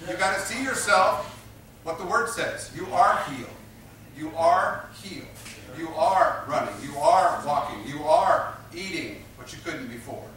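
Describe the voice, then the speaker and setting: This preacher's voice is fairly high, expressive, a bit bright, and unhurried, with a little hiss or hum on the recording. Captured from afar in an echoey room, his emphatic, repetitive sermon draws responses from the congregation.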